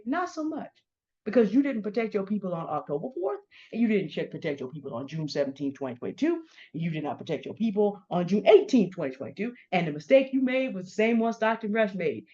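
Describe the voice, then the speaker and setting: Through dull lo-fi audio, a middle-aged commentary host addresses by name the people she's calling out, her remarks pointed and confrontational. She speaks at a brisk clip in a medium, expressive and slightly mellow voice.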